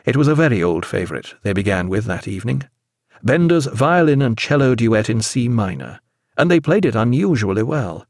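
A man narrates a novel in scripted audiobook form, storytelling in a measured and expressive way. Medium in pitch, his voice comes through clean studio sound without echo.

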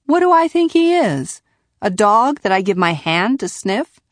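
A woman voicing a sharp-tempered young woman soldier, indignant and quick to anger, in an audiobook reading. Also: medium pitch, sing-song, no room sound, studio quality. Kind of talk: audiobook character voice.

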